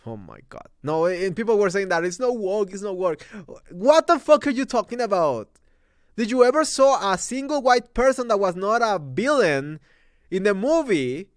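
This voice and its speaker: Man, high pitch, swooping animated delivery, heated profane rant, movie review host. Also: normal speed, no room sound, studio quality. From Mexico.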